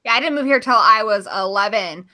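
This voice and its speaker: A woman's voice: mid-range voice, expressive, a little fast, sharp tone. A woman from England, a guest in a casual live chat, chatty and joking.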